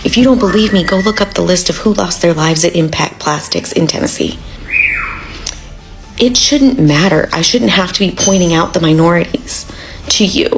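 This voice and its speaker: A woman's voice: lowish voice, moderate pace, over music, low-quality recording. A woman from the American South in an angry rant to camera, outraged and lecturing.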